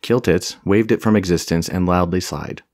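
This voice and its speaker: A man's voice: deep voice, normal speed, darkish tone, no room sound, studio quality. A man narrating a comic fantasy audiobook with a wry, storytelling delivery.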